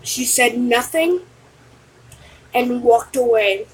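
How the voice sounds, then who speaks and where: Slow-talking woman telling a story. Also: on the high side, noisy background. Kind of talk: casual retelling of a dream.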